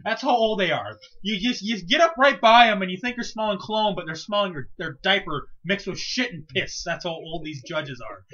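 High, bright-voiced ranting man. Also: fairly quick, few pauses, highs cut off. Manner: profane, animated ranting. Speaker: co-host. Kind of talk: casual podcast chat.

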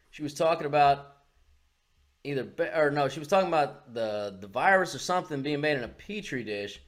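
A man with a Southern US accent co-hosting a podcast, blunt and profane, getting loud and animated when riled. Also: mid-range voice. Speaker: podcast co-host. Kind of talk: casual podcast banter.

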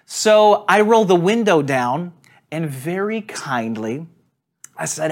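A man preaching a sermon, telling a funny personal story in a relaxed, conversational way and laughing at himself. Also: a little high, slow. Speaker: pastor. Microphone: on camera.

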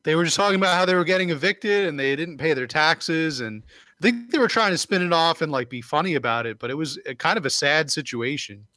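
A man co-hosting a podcast, talking in a halting way with restarts, casual banter. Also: on the high side, lively intonation, sharp tone, no echo, clean studio sound. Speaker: podcast co-host.

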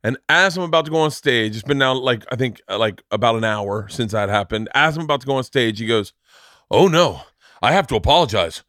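Profane, animated comedian telling stories. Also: male voice, medium pitch, fast talker, hardly any pauses, dry recording, clean studio sound. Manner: animated, profane, acts out quoted voices. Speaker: podcast host. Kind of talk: casual comedic storytelling.

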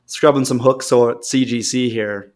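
Co-hosting a laid-back podcast, this man speaks in a steady, medium-pitched tone at a moderate pace. His casual chat is full of rambling stories in which he performs the voices of the people involved.

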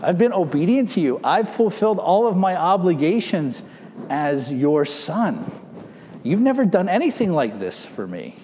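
Guy putting on an annoyed older brother, whiny and fed up, bit higher pitched, echoey church sound. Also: very animated, moderate pace, mellow, slight background noise. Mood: aggrieved. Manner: aggrieved, complaining. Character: resentful dutiful older brother, young man.

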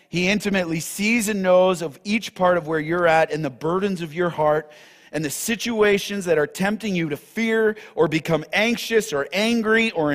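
Man preaching a sermon, passionate, fairly high voice, swings between booming and near-whisper. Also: in a large hall. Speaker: pastor.

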